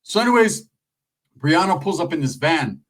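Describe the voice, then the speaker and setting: A male comedian telling a crude comic story in a loud, rambling, slangy way. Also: a little high, sing-song, normal speed, far from the mic. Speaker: stand-up comedian.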